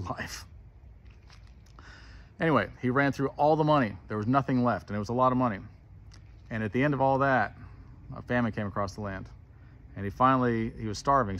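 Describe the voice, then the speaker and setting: A man's voice: fairly low pitch, a little hiss or hum. A man retelling a Bible parable in a casual, earnest way and acting out the characters' words. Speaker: preacher.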